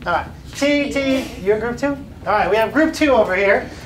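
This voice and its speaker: A man's voice: high voice, lively intonation, fast talker. Male elementary music teacher, upbeat and patient, call-and-response delivery; distant, echoey classroom recording with faint room noise. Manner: upbeat, patient, chants rhythms for children to repeat.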